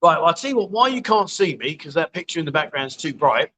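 A man's voice: a little high, big pitch swings, quick pace, sharp tone, a little hiss or hum, low-quality recording. A man hosting a casual livestream from a bar, reading out viewer comments in a chatty, matey way. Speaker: livestream host. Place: bar, indoors.

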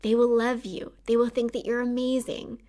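A woman's voice: a little high, flat delivery, normal speed. A woman in her thirties hosting her own podcast, talking earnestly and encouragingly to listeners about self-kindness. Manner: earnest and encouraging, warm laughs. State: tearful at times. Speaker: podcast host and anxiety coach. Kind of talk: heartfelt solo podcast talk.

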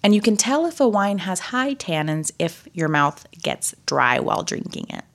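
Lively low-voiced young woman explaining. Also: moderate pace. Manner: lively, explains with many fillers. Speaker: podcast co-host. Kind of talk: casual chat.

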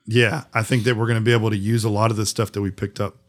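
A man's voice: on the low side, flat delivery, rapid-fire. A man co-hosting a podcast, chatting casually and thanking listeners at the end of an episode. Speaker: podcast co-host. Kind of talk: casual podcast sign-off chat.

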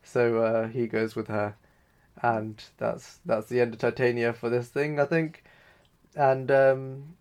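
A man with a medium-pitched, darkish voice co-hosts a podcast talk show, casually recapping scenes and loosely quoting dialogue.

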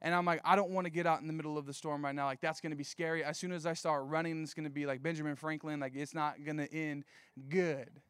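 A young man gives a sermon as a chatty, animated story, leaning on "like" over and over. His voice sits high for a man. The sound is dry and close, with no room echo. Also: quick pace, smooth. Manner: casual, animated storytelling with many "like" fillers.

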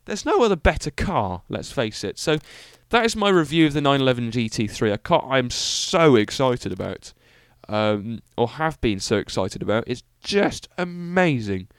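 A man's voice: medium pitch, sing-song, normal speed, hardly any pauses, smooth, no room sound, studio quality. Rambling, enthusiastic young British man. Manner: rambling, enthusiastic, self-mocking, many fillers. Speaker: podcast host. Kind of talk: solo podcast car review.

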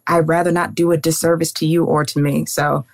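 A young woman guest giving advice in a calm, measured way. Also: sits low. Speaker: lawyer and guest. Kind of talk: casual interview chat.

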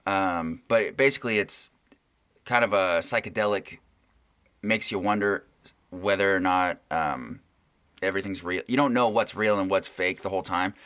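A man's voice: deep voice, normal speed, fairly bright tone, clear, resonant tone, no room sound. A man hosting a casual chat, wry and rambling as he tells a story.

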